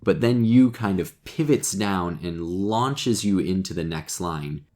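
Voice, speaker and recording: A man's voice: deep voice, measured pace, few pauses, a little mellow. A man teaching poetry in a chatty, self-deprecating way as host of his own lesson channel. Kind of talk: casual explainer lesson.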